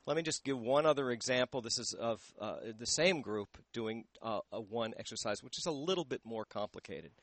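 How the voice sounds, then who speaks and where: A man, a voice teacher, explaining singing technique in a radio interview into a handheld microphone, pausing often to search for words. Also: mid-range voice, lively intonation, fairly bright tone, no echo.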